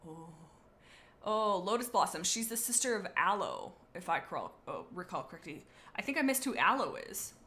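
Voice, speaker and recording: Excitable young woman streamer. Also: mid-range voice, normal speed. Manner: excitable, giggly, rambling tangents. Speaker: streamer reading fan fiction. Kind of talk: casual live-stream reading.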